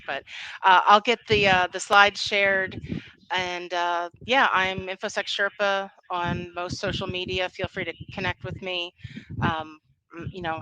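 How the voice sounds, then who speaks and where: A woman's voice: fairly low pitch, noisy background. A woman speaking over a video call, telling casual family stories and taking audience questions, rambling and laughing often. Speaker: conference speaker, threat intelligence analyst.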